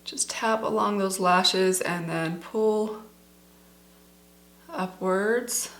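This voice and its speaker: A woman's voice: mid-range voice, fairly even intonation, very slow, a bit bright. Chatty woman beauty vlogger, echoey room. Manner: chatty, enthusiastic, addresses viewers as "you guys". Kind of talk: casual makeup tutorial chat.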